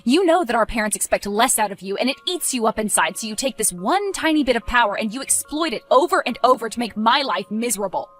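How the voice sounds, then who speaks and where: A woman voicing a stressed teenage high school boy who talks tensely and pleads, then snaps into anger. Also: lively intonation, quick pace, hardly any pauses, a bit bright, soft background music. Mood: angry.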